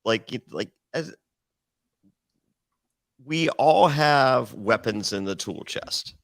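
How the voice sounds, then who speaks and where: A man guest on a podcast, telling stories in a rambling, animated way with many restarts. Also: mid-range voice, slow, vocal fry, no room sound. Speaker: reality TV contestant guest. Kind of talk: casual podcast storytelling.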